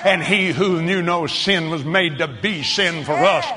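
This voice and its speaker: A man preaching a sermon, moving between hushed tones and exuberant shouting. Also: a little high, unhurried, music in the background. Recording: reverberant hall, faint ambience.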